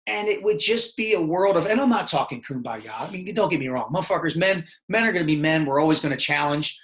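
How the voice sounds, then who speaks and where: Man, middle-aged, swearing a lot, jumps between stories, slightly raised pitch. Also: fast. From Baltimore, Maryland. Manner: profane, rambling, animated storytelling. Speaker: podcast guest. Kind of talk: casual storytelling interview.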